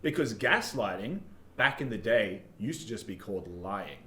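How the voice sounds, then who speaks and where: A man's voice: fairly low pitch, lively intonation, moderate pace, pushed and bright. A young man, co-hosting a podcast in casual, jokey, rambling chat. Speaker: podcast co-host.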